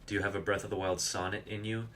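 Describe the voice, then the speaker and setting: Low, bright-toned male game streamer. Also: level tone, fast talker, slight background noise. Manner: chatty, rambling, reads chat aloud and explains game tricks. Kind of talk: casual live gameplay commentary.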